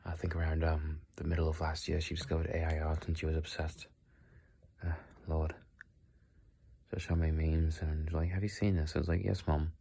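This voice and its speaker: A sleepy young man talks in a soft, soothing murmur, letting his thoughts drift late at night. His voice sits very low with a gravelly, husky edge. It sounds like a phone recording in a quiet bedroom. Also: monotone, normal speed. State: tired, sleepy. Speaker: vlogger. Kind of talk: late-night casual rambling talk.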